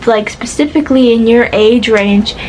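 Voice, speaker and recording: A woman's voice: on the high side, normal speed, darkish tone, slight background noise, low-quality recording. A woman in her twenties rambling casually to the camera from her bed at home, chatty and meandering with lots of fillers. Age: 20s. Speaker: vlogger. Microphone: camera or phone.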